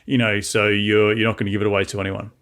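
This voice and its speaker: Quick-talking Australian man hosting. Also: on the low side, little pitch movement, fairly bright tone. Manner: fast, upbeat questioner, frequent restarts. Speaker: podcast host. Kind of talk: interview podcast.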